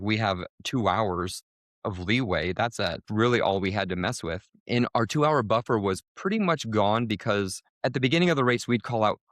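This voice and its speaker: Animated man telling a race story. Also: dry recording, clean studio sound. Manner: animated, jumps pitch for quoted lines. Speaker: podcast co-host. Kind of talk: casual storytelling.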